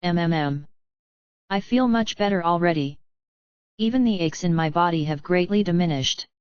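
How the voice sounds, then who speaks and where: A woman reads a young woman fresh from a long sleep, languid and coyly pleading, in a low, smooth audiobook voice. The recording is dry and a little dull. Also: moderate pace, dry recording, natural voice. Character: young woman just awakened, melodious and coy.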